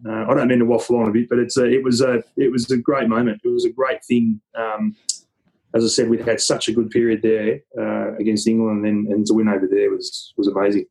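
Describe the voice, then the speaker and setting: A man's voice: fairly low pitch, level tone, a little fast, a little mellow, breathy edge, poor audio. An Australian man, an interview guest, telling a story in a casual, rambling way with many restarts.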